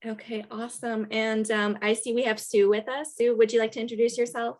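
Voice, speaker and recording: A woman's voice: a little high, little pitch movement, a little fast, a little mellow. A woman hosting a virtual rally on a video call, upbeat and encouraging, with many fillers. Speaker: event host and organizer.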